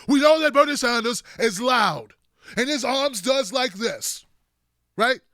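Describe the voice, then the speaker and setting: High, bright-voiced mocking political commentator. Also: male voice, a little slow, no echo, studio quality. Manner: animated, mocking, does impressions of politicians.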